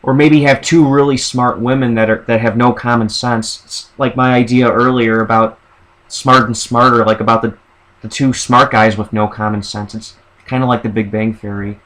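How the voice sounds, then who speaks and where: A man's voice: mid-range voice, fairly even intonation, moderate pace, fairly bright tone, rough recording. A man vlogging, rambling through a list of show ideas in a casual monologue. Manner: rambling, with fillers and restarts.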